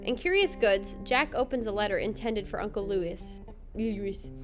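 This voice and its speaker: A woman's voice: mid-range voice, animated, over music. Wry woman reading a comedic recap. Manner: wry, sarcastic, quick to laugh. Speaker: podcast host. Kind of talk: scripted comedic recap narration.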